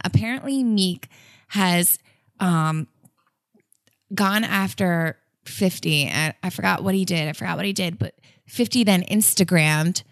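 A woman's voice: lowish voice, dry recording, studio quality. Chatty woman telling gossip. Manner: chatty, lively gossip teller. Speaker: podcast co-host. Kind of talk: casual chat.

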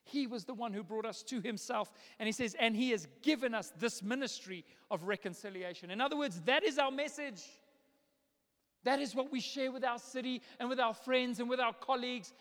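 High-voiced pastor preaching in a reverberant hall. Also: male voice, brisk. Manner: conversational, animated storytelling with laughs. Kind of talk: sermon. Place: church auditorium. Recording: long reverb of a large hall.

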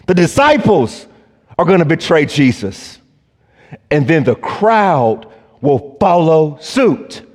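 A male pastor delivers a sermon in a slightly high voice, drawing out his words slowly and deliberately before building to emphatic peaks. His voice rings with the long reverb of a church sanctuary. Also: big pitch swings. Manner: slow, deliberate preaching that swells to emphatic peaks.

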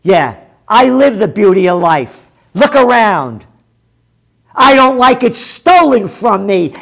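High-pitched, ranting male show host. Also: sing-song, takes it slowly, vocal fry. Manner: combative, profane, loud bursts of shouting. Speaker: host of a trend forecasting show. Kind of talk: ranting commentary.

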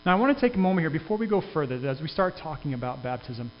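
Man, pastor, earnest conversational sermon, slightly high voice, long hall reverb. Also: very animated, very fast. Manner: conversational, earnest, with frequent restarts. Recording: dull sound with long reverb and faint hum.

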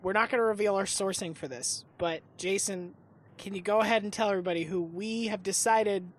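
A woman's voice: medium pitch, brisk. A woman co-hosting a casual sports podcast, playful and mock-serious as she teases along. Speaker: podcast co-host.

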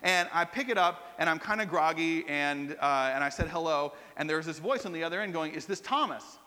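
A pastor in his forties preaching a sermon, telling a personal story with animated, self-mocking asides. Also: on the high side, a little fast, in a large hall.

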